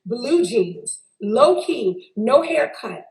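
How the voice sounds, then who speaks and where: A woman's voice: a little high, very animated, drawn-out words, darkish tone. A woman hosting a casual chat show, gushing and effusive as she talks to her guest and viewers. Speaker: host. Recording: echoey room.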